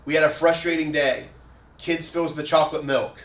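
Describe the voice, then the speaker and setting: A man's voice: on the high side, steady tone, moderate pace, a bit bright, far from the mic. A man preaching a sermon as a pastor in a conversational way, walking through everyday examples. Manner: conversational preaching, repeats "again", everyday scenarios. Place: church sanctuary. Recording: echoey room, voice from afar.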